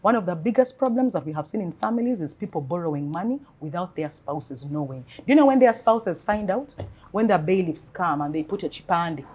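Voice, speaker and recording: A woman financial coach giving earnest advice in an interview, telling animated stories. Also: on the low side, a little fast, husky.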